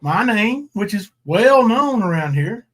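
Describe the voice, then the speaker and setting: High-voiced, sarcastic man. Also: sing-song, a little slow, a bit bright. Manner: sarcastic, rambling, coarse. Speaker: livestream host. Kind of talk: casual livestream commentary.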